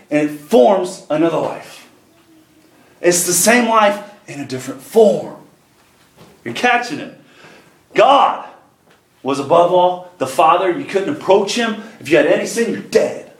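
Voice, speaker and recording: A man's voice: high-pitched, lively intonation, unhurried, echoey room. A man preaching a sermon, reading scripture aloud and driving his points home with rising emphasis.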